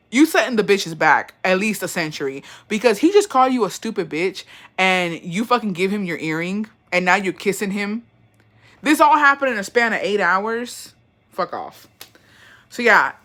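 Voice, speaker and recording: Host ranting casually, foul-mouthed and worked up, with a bright, sharp edge. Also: medium pitch. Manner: profane, animated, swears constantly. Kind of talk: casual rant.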